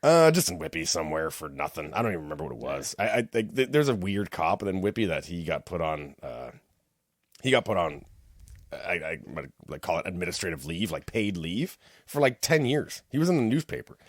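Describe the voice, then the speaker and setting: Low-voiced man telling a wild story. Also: a little fast, dry recording, clean studio sound. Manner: animated, swears freely, acts out quoted people. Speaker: podcast co-host. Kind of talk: casual storytelling chat.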